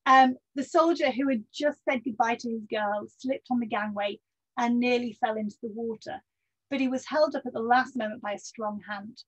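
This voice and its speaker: A woman's voice: fairly high pitch, fairly even intonation, normal speed, muffled recording. A woman researcher giving a history lecture, hesitant with many ums and self-corrections, and dropping wry asides.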